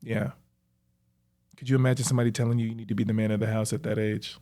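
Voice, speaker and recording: A young man, a professional athlete, reflectively recounting his own life story in a halting way, with frequent fillers. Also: on the low side, level tone, mellow. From United States. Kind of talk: personal storytelling.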